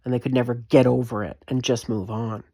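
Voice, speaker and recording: A woman's voice: a bass voice, steady tone, fairly quick, warm tone, breathy edge, no room sound, clean studio sound. A woman giving an impassioned vlog rant, emphatic and repetitive, swearing freely. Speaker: vlogger.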